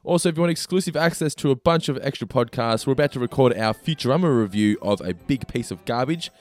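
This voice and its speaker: Fast-talking podcast host. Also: male voice, mid-range voice, lively intonation. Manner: brisk, upbeat, laughs along. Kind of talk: casual podcast chat.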